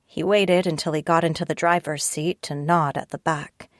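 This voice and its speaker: A woman narrating a first-person audiobook with a low voice and a wry, tense inner monologue. She sits close to a studio mic, in a dry recording with no room sound. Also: steady tone, normal speed, dry recording.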